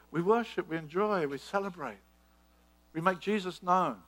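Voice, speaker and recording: Middle-aged man, preacher, forceful sermon, raised pitch; hammers points with rhetorical questions. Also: moderate pace, rough recording.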